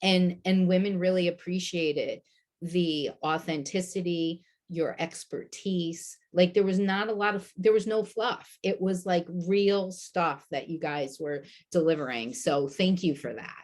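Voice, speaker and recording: A woman's voice: on the low side, a little slow, a little mellow. A woman hosting a video call panel, enthusiastic and full of praise for her guests. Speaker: host.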